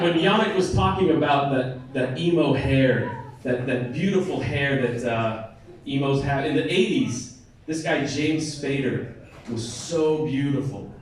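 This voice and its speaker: A man's voice: mid-range voice, slight background noise. American man doing stand-up in an echoey bar. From United States. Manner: chatty, teasing the crowd, playful asides. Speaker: stand-up comedian. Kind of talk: stand-up comedy set. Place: comedy night in a bar. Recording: echoey room, mic from a distance, crowd laughing.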